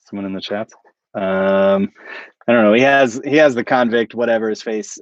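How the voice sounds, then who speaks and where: A man's voice: mid-range voice, brisk, no echo, muffled recording. A man hosting a casual livestream and chatting with viewers. He rambles and chuckles at his own jokes. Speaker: channel host.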